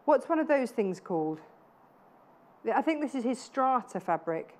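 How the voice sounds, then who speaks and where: A woman's voice: fairly high pitch, big pitch swings, normal speed, a little mellow. A woman in her thirties presenting live TV sales in a chatty, gushing way with self-deprecating asides. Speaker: shopping channel presenter. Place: TV studio.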